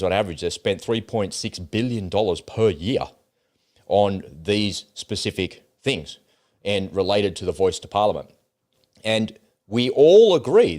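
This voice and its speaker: A man's voice: fairly low pitch, darkish tone. An Australian man co-hosting a podcast, giving blunt, heated opinions in casual chat and swearing freely. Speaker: podcast co-host.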